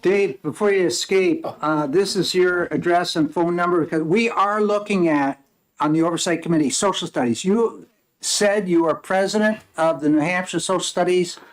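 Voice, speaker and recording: A man's voice: high voice, normal speed. A man chairing a legislative committee hearing in a friendly, informal way.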